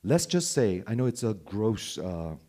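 A pastor delivers a sermon, putting questions to his listeners and shifting from emphatic stress down to a near-whisper. His voice is fairly low, warm, and sing-song, and he speaks a little slowly.

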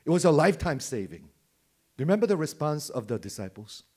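A man's voice: fairly high pitch, very animated, a little fast, darkish tone. A man preaching a sermon, asking the listeners questions and swinging from emphatic stress down to a near-whisper. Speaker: pastor.

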